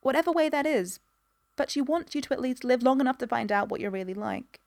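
Sweet gentle young woman, woman doing her, soft and high. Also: fast.

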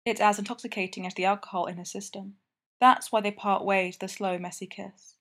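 A woman reading a story aloud in an even, intimate narrating manner. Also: medium pitch, fairly quick. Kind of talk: scripted narration.

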